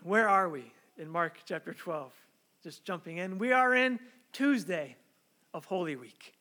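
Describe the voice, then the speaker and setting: A male pastor delivers a sermon with a fairly high voice. His tone is bright and forward as he reads scripture and prays, then explains the text in an earnest, conversational way, with rhetorical questions to his listeners. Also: animated, measured pace. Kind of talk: sermon with scripture reading and prayer.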